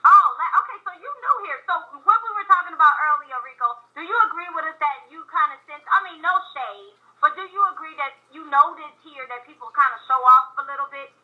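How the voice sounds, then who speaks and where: A woman's voice: sits high, quick pace, hardly any pauses. A woman from Los Angeles hosting a radio show, chatty and blunt in casual talk. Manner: chatty, blunt, laughs often. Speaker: radio host. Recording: phone-like radio line.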